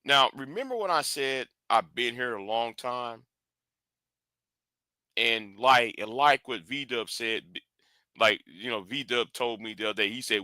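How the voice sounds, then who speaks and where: Slow, blunt man ranting on a stream. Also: mid-range voice, bright, forceful tone, no room sound, clean studio sound. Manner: blunt, confrontational, with restarts and repeated words. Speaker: live stream host. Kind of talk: live stream commentary.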